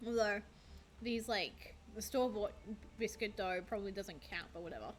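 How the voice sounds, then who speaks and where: A woman's voice: medium pitch, lively intonation, moderate pace, a little hiss or hum. A young woman streaming a card game, chatting in a rambling, self-deprecating way and swearing casually. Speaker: VTuber streamer. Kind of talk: casual gaming stream chat.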